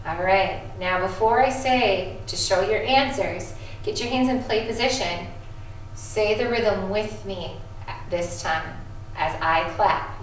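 A woman music teacher leading a lesson for second graders, calmly encouraging them and chanting rhythm syllables. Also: medium pitch, a little hiss or hum. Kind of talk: video music lesson for children. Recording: echoey room, voice from a distance.

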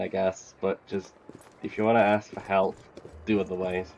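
A man's voice: low voice, level tone, moderate pace, gravelly, a little mellow, dull audio. A man co-hosting a game livestream, talking casually and a bit hesitantly. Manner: easygoing, hesitant with fillers. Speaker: stream co-host. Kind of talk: casual gaming stream chat.

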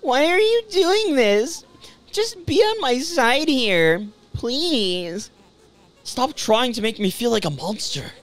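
A man's voice: very high-pitched, expressive, slow, pitched above the performer's own voice, heavily acted. A man voicing a determined young woman climber in a video game, reading her lines in a raised, strained voice. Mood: pleading.

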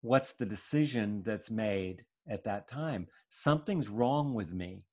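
A man giving a gentle, searching spiritual talk, with soft hesitations as he thinks. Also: fairly low pitch, lively intonation, measured pace. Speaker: spiritual teacher.

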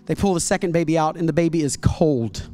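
A man, a pastor, telling a miracle story in a sermon, acting out the dialogue and building to loud climaxes. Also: on the high side, fairly quick, soft background music.

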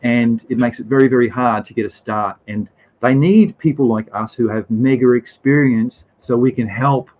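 A man's voice: mid-range voice, moderate pace, lo-fi sound. A man with an Australian accent hosting a live stream and answering chat questions in a laid-back, rambling way, with slang and the odd swear word. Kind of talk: casual live Q&A.

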